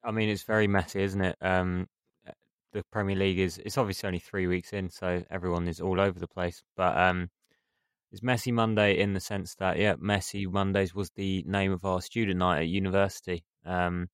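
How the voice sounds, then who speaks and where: A man co-hosting a football podcast, relaxed and rambling. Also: sits low, a little fast, clean tone, no room sound, clean studio sound. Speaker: podcast co-host. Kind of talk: casual podcast chat.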